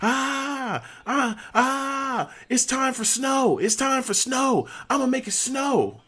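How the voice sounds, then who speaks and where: A man putting on the voice of a drunk young male sailor, shouting in a sing-song chant. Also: very high voice, animated, slow pace, husky, pitched above the performer's own voice, full character voice. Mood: manic.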